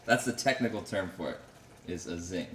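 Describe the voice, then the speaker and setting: Man, casual cooking chat, low voice, distant mic, frying noise behind. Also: normal speed. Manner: relaxed, chatty, repeats phrases. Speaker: cook. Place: kitchen. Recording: echoey kitchen, mic from afar, noisy. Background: frying and sizzling.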